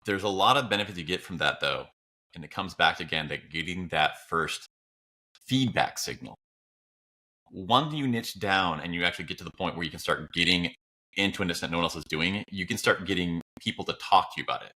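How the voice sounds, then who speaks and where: A man co-hosting a podcast in casual chat, animated and quick to act out his own thoughts, with casual swearing and laughter. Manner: animated, jumps up in pitch when acting out his own thoughts. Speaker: podcast co-host.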